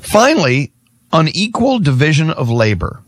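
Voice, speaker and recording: A man's voice: on the high side, normal speed. A man hosting a morning radio show, joking with co-hosts and reading segments. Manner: lively, joking, reads ads.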